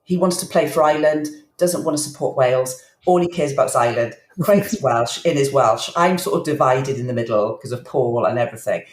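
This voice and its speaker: This middle-aged podcast guest speaks in a rumbling low voice, a little fast and with hardly any pauses. She tells personal stories openly and reflectively, with emotion and frequent restarts. There's a little hiss or hum plus a roomy echo.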